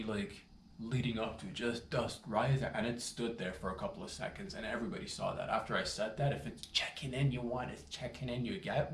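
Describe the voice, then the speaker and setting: A man telling an absurd comic story in a rambling, swaggering, slangy way. His voice jumps up high when he gets worked up. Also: echoey room, a little hiss or hum.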